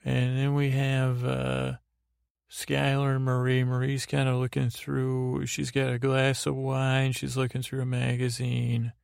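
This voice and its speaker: Male podcast host, gravelly and monotone, dry close sound, meandering recap delivery. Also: mid-range voice, a little slow, no echo. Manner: meandering, full of restarts and quoted lines in his own voice. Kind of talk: rambling sleepy episode recap.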